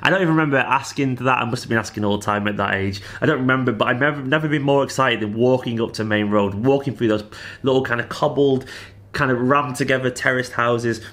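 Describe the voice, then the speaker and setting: Fast-talking Mancunian man. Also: mid-range voice. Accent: Manchester. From Manchester, England. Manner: chatty, animated, banters with viewers. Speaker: football fan vlogger. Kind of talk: casual Q&A vlog.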